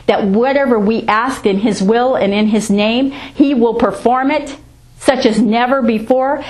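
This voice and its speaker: A woman preaching a sermon, reading scripture aloud and driving her points home with rising and falling emphasis. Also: a little high.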